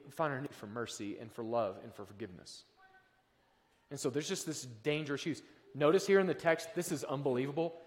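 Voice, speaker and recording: Male pastor, from the American South, high voice, conversational sermon, quiet asides and loud emphatic peaks, long hall reverb. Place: church sanctuary.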